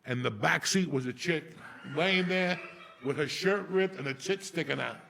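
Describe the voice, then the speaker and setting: A man, hosting a podcast and telling a profane, animated story. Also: a little high, moderate pace, creaky, slight background noise. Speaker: podcast host. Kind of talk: storytelling chat.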